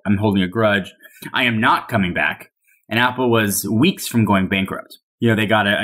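A man guest on a tech podcast, talking casually and animatedly with many "like"s and restarts. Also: fairly low pitch. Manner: animated, filler-heavy storytelling.

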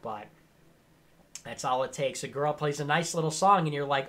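A man in his twenties giving a sarcastic, lecturing rant on a livestream, sometimes bursting into shouts. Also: a little high, normal speed, pauses often. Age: 20s. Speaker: streamer. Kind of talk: ranting livestream commentary.

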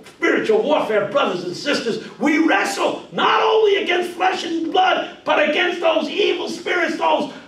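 A man putting on a fiery Pentecostal preacher who shouts out call-and-response lines to a congregation. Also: very high voice, animated, normal speed, hardly any pauses, some chatter behind, voice pushed up, heavily acted. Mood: exhorting. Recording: roomy hall recording from far off.

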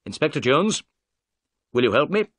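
A man voicing a confident, brisk detective who gives firm orders, read as a story. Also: a little high, very animated, a bit bright, husky, no room sound, voice pushed up, exaggerated voice.

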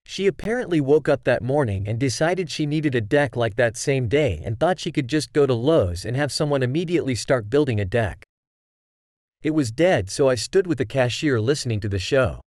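A man reading out online stories as scripted narration, with an even read-aloud delivery. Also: medium pitch, normal speed, dry recording, clean studio sound.

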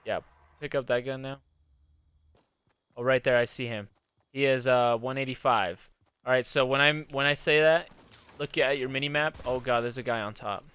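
A man giving casual, excitable commentary while coaching his girlfriend through a video game. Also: medium pitch, normal speed, pauses often, smooth, no echo. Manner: bossy, excitable coaching, swears. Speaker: gaming channel host.

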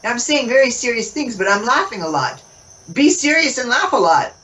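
A woman interview guest giving a spiritual teaching talk, expressive and laughing often as she acts out little dialogues. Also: a little high, a little fast. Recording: distant mic, muffled, faint noise.

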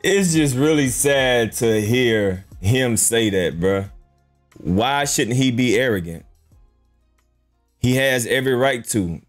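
A man hosting a YouTube reaction, talking casually and incredulously, firing off rhetorical questions. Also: medium pitch.

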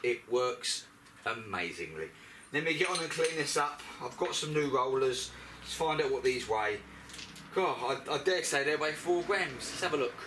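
A man's voice: medium pitch, sharp tone, far from the mic, a little hiss or hum. A man talking viewers through a moped repair as he works, in a rambling, chatty way with asides to the audience. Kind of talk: chatty workshop commentary while working. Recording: echoey garage, voice off-mic.

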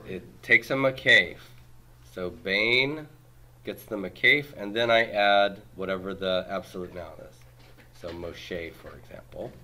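Forceful, bright-voiced male teacher. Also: low-pitched, unhurried. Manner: explains patiently, quizzes the class, uses homely comparisons. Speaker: Hebrew grammar teacher. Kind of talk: classroom lecture with questions to students. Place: classroom with students.

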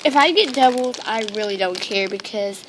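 A woman's voice: a little high, lively intonation, moderate pace, a bit bright, a little hiss or hum. A woman unboxing toys on camera at home, rambling and gushing with lots of ums and repeated exclamations, into a handheld camera mic. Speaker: toy unboxing vlogger. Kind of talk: casual unboxing chat to camera.

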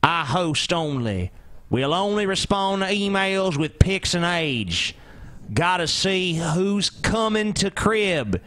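A male podcast co-host with a slightly raised pitch, talking in a laid-back, deadpan way and teasing the others as the banter goes on. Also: slow pace.

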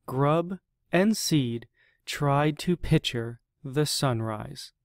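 A storyteller reading a children's picture book aloud in a slow, deliberate manner with long pauses. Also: medium pitch, no room sound, studio quality.

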